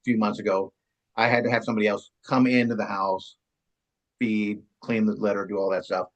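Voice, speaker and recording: A man's voice: lowish voice, flat delivery, a little fast, dull audio. A middle-aged man chatting as an interview guest, rambling along with many stammered restarts and repeated words. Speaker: guest, longtime ska radio DJ and promoter. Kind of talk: casual chat.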